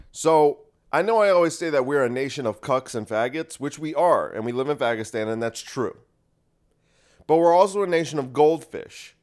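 A man rambling through a solo podcast monologue at a middling pitch, his voice thick and congested. He swears freely and leans on sarcasm as he drifts from point to point. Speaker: podcast host.

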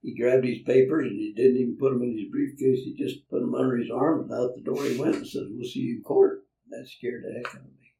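Being interviewed, an older man who develops land spins folksy stories, laughing softly as he imitates the characters. His voice is medium in pitch, mellow and creaky, fairly even in intonation, and quick, with few pauses. The mic sits far off in a roomy space.

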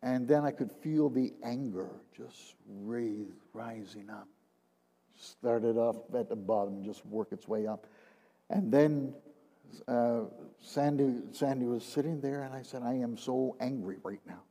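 An older man, a retired minister, giving a personal testimony, halting and repeating words, often dropping to a hushed tone. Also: mid-range voice, steady tone. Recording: long reverb of a large hall.

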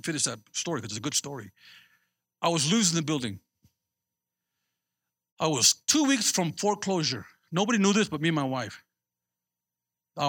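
A man's voice: fairly high pitch, husky. A man preaching as a pastor, telling a personal story and calling out to his congregation with repeated words. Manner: animated, repeats himself, calls out to the congregation.

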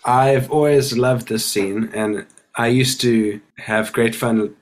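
A man from Africa, talking casually in a measured way with hesitant starts. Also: mid-range voice, fairly even intonation, a little hiss or hum. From South Africa. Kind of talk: casual chat.

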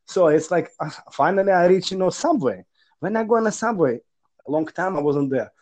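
A man with as his tells funny stories in broken English and swings his pitch widely as he acts out the people in them. His voice sits a little on the high side, and his speech is quick and theatrical. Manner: animated, acts out quoted voices with non-native grammar. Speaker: guest. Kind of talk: casual storytelling.

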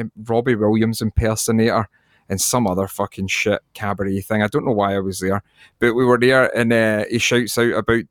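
A man's voice: medium pitch, no echo, studio quality. Sweary storytelling Scottish man. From Scotland. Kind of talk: casual chat.

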